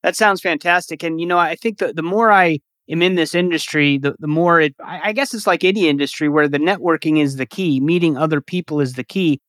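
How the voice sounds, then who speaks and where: Give me a man with a smooth, fairly high voice and a dry, close-mic sound, hosting a podcast. He asks questions in a thoughtful, agreeable way and sometimes restarts his phrasing. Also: fairly quick, hardly any pauses, a bit bright, no echo. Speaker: podcast host. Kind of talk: podcast interview.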